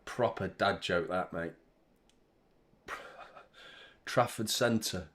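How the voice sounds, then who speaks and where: A young man hosting a live football watchalong, chatting casually with viewers and shouting out at big moments. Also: deep voice, drawn-out words. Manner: laid-back chat that jumps to loud excited reactions. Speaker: watchalong host.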